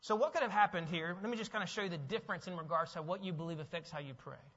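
A man preaching a sermon as pastor, animated and asking his listeners questions. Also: sits high, racing. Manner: animated, asks the audience questions. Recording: dull, with long hall reverb.

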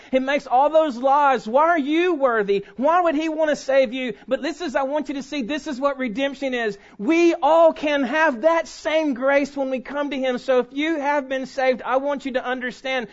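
High-voiced man preaching a sermon. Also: fairly even intonation, moderate pace, hardly any pauses, muffled recording. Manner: emphatic preaching, rising and falling in force. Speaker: pastor.

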